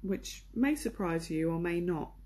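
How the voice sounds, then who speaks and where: Here the English presenter's voice is fairly low and dark in tone, expressive but never rushed. It's a young woman's relaxed, chatty lesson on English culture, thick with ums and ahs.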